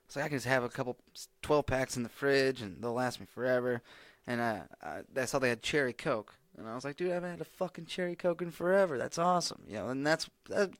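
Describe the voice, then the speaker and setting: Casual male podcast host, loose profane rambler, average pitch, dry close mic. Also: a bit bright, dry recording. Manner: rambling, profane, laid-back. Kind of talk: casual solo podcast chat.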